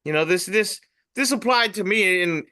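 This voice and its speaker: Male comedian host, higher-pitched, bright tone; loose, profane meme reading. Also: moderate pace. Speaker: podcast host reading memes.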